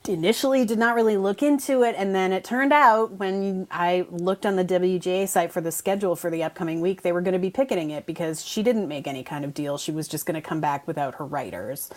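A woman's voice: fairly low pitch, a little fast. A woman appearing as a guest on a radio talk show, explaining entertainment industry news in detail and often restarting her sentences. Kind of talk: casual radio commentary.

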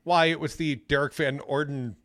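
A man's voice: on the high side, moderate pace, no echo, clean studio sound. A man hosting a political talk radio show, chatting wryly and taking callers. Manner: wry, lively, takes callers.

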